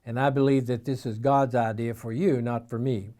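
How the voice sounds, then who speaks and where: A man's voice: medium pitch, little pitch movement, normal speed. A man from eastern Kentucky with an Eastern Kentucky accent, giving an informal devotional talk in a folksy storytelling way. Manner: folksy storytelling, acts out shouted voices in quotes. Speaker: missionary preacher.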